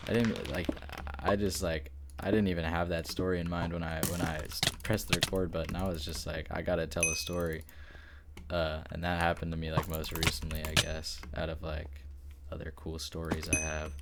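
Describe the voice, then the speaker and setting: A man's voice: extremely low pitch, little pitch movement, moderate pace, very noisy. A young man, a student, chatting casually and rambling with lots of fillers as he plays a game late at night. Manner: rambling, hesitant, full of likes. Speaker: gaming YouTuber. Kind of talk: casual chat while playing a game.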